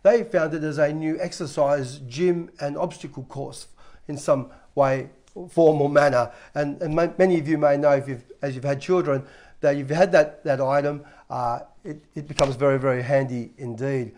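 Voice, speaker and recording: A man's voice: a little high, darkish tone. Man preaching a conversational sermon. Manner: conversational preaching with frequent restarts. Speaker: pastor.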